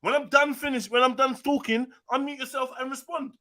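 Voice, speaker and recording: A man's voice: very high voice, fairly even intonation, fairly quick, sharp tone. A man hosting a live panel, arguing heatedly, talking over the other caller and repeating himself. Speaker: live show host.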